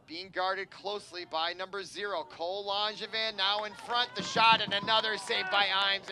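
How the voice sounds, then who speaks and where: A man doing live play-by-play commentary at an outdoor game, chatty, with asides, and he gets louder on big plays. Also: high-pitched, a little hiss or hum. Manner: chatty, rising excitement on plays, digressive asides. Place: outdoor sports field.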